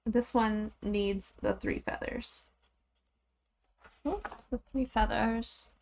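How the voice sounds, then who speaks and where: Young woman chatting while she draws, giggly, rambly, kinda trails off quiet, desk mic. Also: medium pitch, steady tone, slow pace, vocal fry. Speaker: streamer drawing goose characters. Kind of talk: casual chat while drawing.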